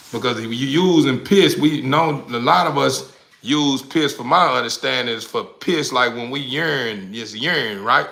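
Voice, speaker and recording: Gravelly-voiced man ranting to his chat. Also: medium pitch, pushed and bright. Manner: rambling, repeats the same questions, crude slang. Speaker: livestreamer. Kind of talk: profane ranting to a live chat.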